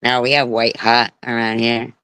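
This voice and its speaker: A woman's voice: a bass voice, little pitch movement, moderate pace, fairly bright tone, clean tone, no echo. A woman in her forties telling stories on a casual livestream, blunt and swearing freely. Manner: blunt, heavy swearing, storytelling. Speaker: livestream host.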